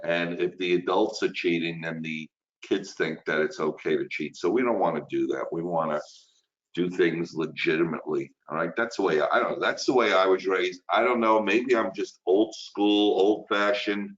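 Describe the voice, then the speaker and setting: A man in his sixties speaks with a thick Brooklyn New York accent in a very low, deep voice. He chats in a folksy, earnest, rambling way as an instructor warming up a class. The audio is dull and lo-fi, like an online webinar. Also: normal speed. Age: 60s. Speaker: insurance course instructor. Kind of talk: chatty webinar small talk before class.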